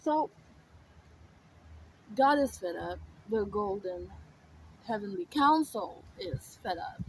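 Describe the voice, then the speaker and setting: A woman in her thirties giving a casual spiritual monologue, wandering between hushed whispers and emphatic declarations. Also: medium pitch, lively intonation, slow pace, pauses often, a little hiss or hum, low-quality recording. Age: 30s. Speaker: spiritual content creator.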